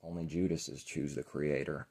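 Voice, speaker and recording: A man preaching an informal sermon, rambling and earnest, often trailing off quietly. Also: extremely low pitch, flat delivery, moderate pace, husky.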